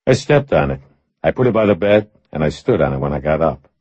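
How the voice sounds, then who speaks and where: A man voicing a laconic, tough adult man who answers in short deadpan lines in an audiobook. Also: extremely low pitch, fairly quick, husky, no room sound, lo-fi sound, exaggerated voice.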